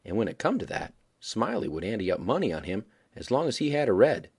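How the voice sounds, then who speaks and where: A man reading a story aloud as a folksy, animated yarn-spinning narrator with a husky voice. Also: fairly low pitch, brisk. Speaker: audiobook reader.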